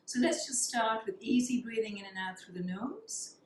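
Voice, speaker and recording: A woman teaching a yoga class, guiding breathing practices in a calm, soothing way and counting the breaths. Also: on the high side, moderate pace, a little hiss or hum. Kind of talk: guided yoga breathing instruction. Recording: echoey room with faint ambience.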